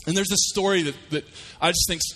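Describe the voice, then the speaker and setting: A man's voice: sits high, fast, in a large hall. A man preaching a sermon, telling stories in a folksy way and voicing the people in them. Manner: folksy storytelling with lively voiced asides. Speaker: pastor.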